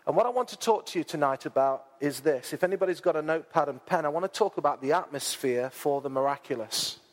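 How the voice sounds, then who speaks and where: A man preaching a sermon, chatty and informal, who rises to loud, dramatic peaks when he reads scripture aloud. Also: fairly high pitch, quick pace. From England. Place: church hall. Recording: long church hall reverb.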